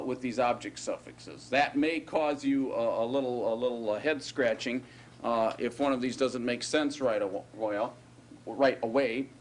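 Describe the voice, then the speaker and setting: A man's voice: medium pitch, slight background noise. A man teaching Hebrew grammar in a classroom lecture, conversational and often checking in with his students. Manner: conversational, checks in with frequent "right?" and "okay?".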